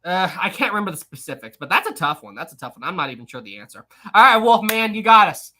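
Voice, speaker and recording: A man's voice: high-pitched, big pitch swings, quick pace, pushed and bright. A young man hosting a live history quiz stream, reading chat aloud, teasing viewers and laughing often.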